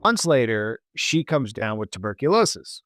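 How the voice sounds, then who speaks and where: A man hosting a comedy podcast, walking through a history story in a loose, halting way. His voice sits in a middle pitch. The recording is dry, with no room sound. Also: big pitch swings, fairly bright tone, dry recording. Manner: halting, many restarts and fillers.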